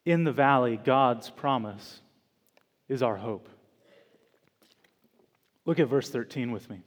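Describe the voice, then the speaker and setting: A man preaching a sermon as pastor in a church, slow and deliberate, with dramatic pauses and emphatic repetition. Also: medium pitch. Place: church sanctuary. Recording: long church reverb.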